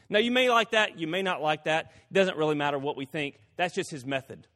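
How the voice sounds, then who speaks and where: A male pastor preaching a sermon, telling stories with quick folksy asides. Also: fairly high pitch, expressive, fairly bright tone. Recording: long reverb of a hall.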